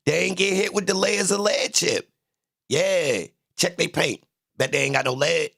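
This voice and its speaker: A man streaming a reaction to a court video, joking loudly in profane slang. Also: a little high, moderate pace, vocal fry. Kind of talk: casual reaction commentary.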